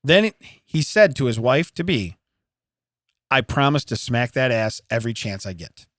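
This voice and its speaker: A man's voice: mid-range voice, sing-song, moderate pace, a bit bright, no room sound, studio quality. A man co-hosting a comedy podcast, reading odd news stories aloud with jokey asides and frequent laughter. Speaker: podcast co-host. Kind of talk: casual comedic banter.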